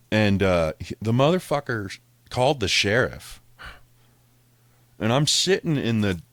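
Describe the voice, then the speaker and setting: Deep-voiced profane man telling a story. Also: a bit bright, dry recording. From Colorado, US. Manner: profane, laughing, quotes others in his own voice. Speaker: podcast guest telling a story. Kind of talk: casual storytelling.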